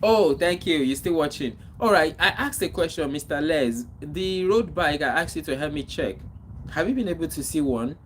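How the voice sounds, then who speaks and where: A man from Nigeria with a Nigerian accent hosts a casual livestream, answering viewers' comments and giving repetitive, preachy advice, coughing and clearing his throat often. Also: on the high side, animated, moderate pace, a little hiss or hum, poor audio. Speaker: livestream host.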